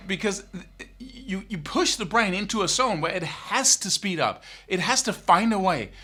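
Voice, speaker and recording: Man, guitar teacher, bright tense voice, faint guitar behind, scats riffs. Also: high-pitched, moderate pace. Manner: animated, vocalizes riffs with scat syllables. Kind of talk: spoken guitar lesson.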